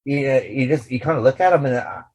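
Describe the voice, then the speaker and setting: A man's voice: medium pitch, a little fast, darkish tone, rough recording. A man co-hosting a podcast, telling rambling anecdotes in casual chat with many restarts and fillers. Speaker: podcast co-host.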